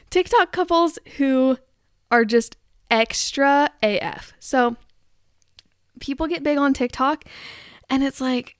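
A woman's voice: fairly high pitch, creaky, no echo, studio quality. A woman hosting her own show, chatting and ranting in a rambling, amused, exasperated way. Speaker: host. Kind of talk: casual chat rant.

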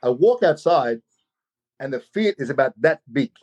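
A man telling a personal story in an animated way, often saying "you know". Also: mid-range voice, moderate pace, muffled recording. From Australia. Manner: animated, acts out quoted voices, many "you know"s.

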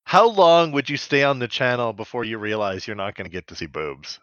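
Brief: bright, sharp-toned male co-host, playful banter, lo-fi dry sound. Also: medium pitch, a little fast, no room sound. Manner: joking, animated, many fillers. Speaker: podcast co-host. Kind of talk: casual chat.

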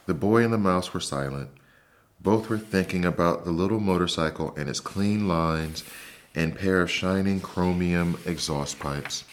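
A man narrating a bedtime story in a soft, unhurried, soothing way. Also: deep voice. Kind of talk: calm scripted bedtime narration.

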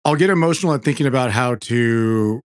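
A man's voice: medium pitch, fairly quick, no echo, studio quality. Chatty man hosting a podcast. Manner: animated, self-interrupting, chatty. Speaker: podcast host. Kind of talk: casual chat.

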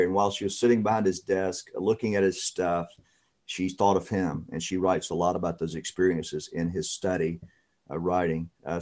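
Lower-voiced man, halting storyteller. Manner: relaxed, many "uh" pauses. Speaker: podcast guest and author. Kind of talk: conversational interview answers.

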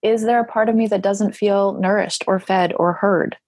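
A woman's voice: mid-range voice, fairly even intonation, moderate pace, darkish tone, dry recording, studio quality. A woman guest speaking in a wry, emphatic, teacherly way during a casual podcast conversation. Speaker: podcast guest, grief writer.

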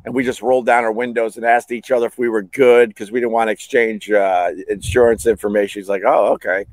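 A man's voice: on the low side, level tone, fast, no echo. A middle-aged man hosting a podcast, telling a rambling, self-mocking story in casual talk and acting out the dialogue. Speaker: podcast host.

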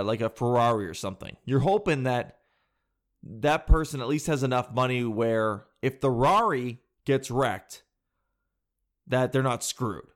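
Man, casual reaction host, lively swooping voice, chatty and laughing. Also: medium pitch. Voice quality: animated, laughing, addresses viewers as guys and dude.

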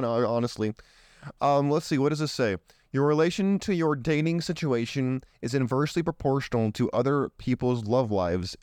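A young podcast host reads a dating list aloud and gives blunt, provocative commentary, slipping into mocking voices for other people. His medium-pitched voice is studio quality, with no room sound.

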